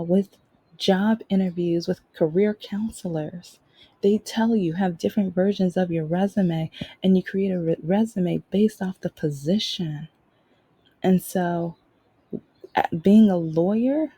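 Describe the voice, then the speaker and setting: Rambling woman, dark husky voice. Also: medium pitch, no echo, dull audio. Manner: rambling, with frequent restarts and quoted dialogue. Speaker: podcast host. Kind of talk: casual storytelling monologue.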